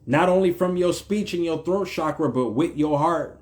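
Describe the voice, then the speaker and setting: Emphatic preachy man with a higher voice. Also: normal speed, darkish tone. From United States. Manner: emphatic, repetitive, slangy, preacher-like cadence. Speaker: vlogger. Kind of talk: preachy spiritual monologue.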